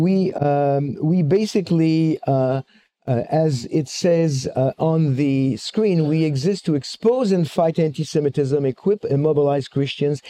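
A man's voice: fairly high pitch, warm tone. A man speaking as a guest speaker in a church, giving a chatty talk full of jokes and restarts, into a wired microphone. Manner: chatty, many fillers and restarts.

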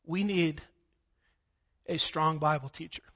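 A man's voice: fairly high pitch, fairly even intonation, slow, bright, forceful tone, breathy edge, muffled recording. A male pastor preaching a verse-by-verse sermon in a church, emphatic, with repetition and scripture references. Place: church sanctuary.

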